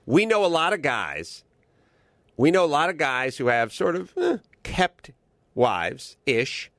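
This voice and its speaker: A man's voice: mid-range voice, a little slow, no echo, studio quality. A man telling stories in a casual, profane comedic rant as a podcast host. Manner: profane, animated storytelling, swaps into voices for quotes.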